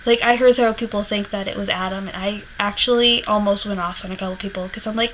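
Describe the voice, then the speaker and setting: A woman's voice: mid-range voice, steady tone, quick pace, hardly any pauses, a little hiss or hum, poor audio. A woman vlogger animatedly retelling a personal story to camera, swearing freely and laughing as she goes, emotional while she remembers it.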